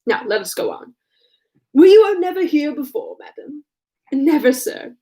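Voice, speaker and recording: A woman reading aloud and voicing a witty, teasing young gentleman with mock-formal manners. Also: a little high, expressive, normal speed, natural voice. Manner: mock-formal, then simpering when he affects a pose.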